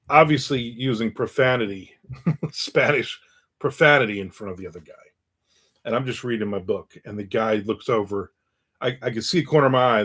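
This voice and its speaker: An author hosts his own stream in a lowish, slightly bright voice. The talk is casual chat and storytelling: he rambles through anecdotes and reads viewer comments aloud as he reacts to them.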